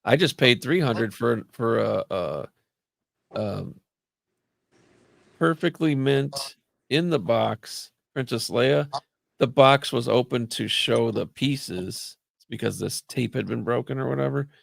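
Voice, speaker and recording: A man in casual chat, telling rambling, animated stories and cursing freely. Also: mid-range voice, takes it slowly, gravelly, dry recording, clean studio sound.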